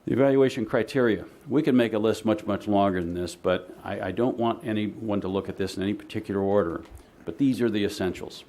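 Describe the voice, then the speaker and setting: A man giving a measured, explanatory presentation to a city commission in a meeting chamber, often pausing on "uh". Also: lowish voice, darkish tone. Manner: measured and explanatory, with frequent "uh" fillers.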